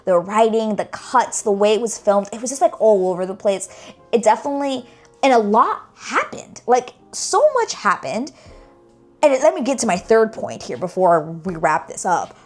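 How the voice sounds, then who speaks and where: A young woman vlogging her reaction to a TV episode in a loose, chatty way. She sounds animated and openly exasperated, leaning on "like" and calling characters "girl" as she vents. Her voice sits at an ordinary middle pitch. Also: moderate pace, faint music behind. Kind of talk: casual reaction commentary.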